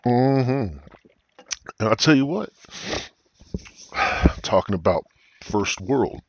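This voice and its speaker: A man's voice: mid-range voice, expressive, very slow, muffled recording, slight background noise. A man hosting a comedy podcast, rambling through profane, crude stories into a cheap gaming headset. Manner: profane, meandering, crude storytelling. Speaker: podcast host.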